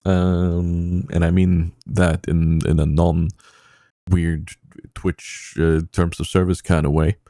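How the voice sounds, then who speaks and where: A man's voice: low voice, flat delivery, takes it slowly, creaky, mellow, no echo, studio quality. A man hosting a casual podcast, rambling with many fillers and poking fun at himself. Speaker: podcast host.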